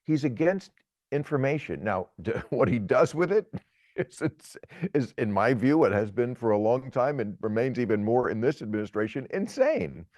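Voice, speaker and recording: Halting, emphatic man in his sixties. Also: mid-range voice, sing-song, a little mellow, dry recording. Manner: halting, repeats words, emphatic. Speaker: guest commentator. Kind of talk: opinionated political talk.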